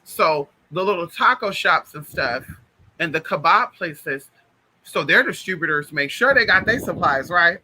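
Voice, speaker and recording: A man's voice: on the high side, lively intonation, unhurried, bright, forceful tone, rough recording. A man chatting casually to camera in a sassy way, swearing a lot and calling everyone girl and honey. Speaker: vlogger.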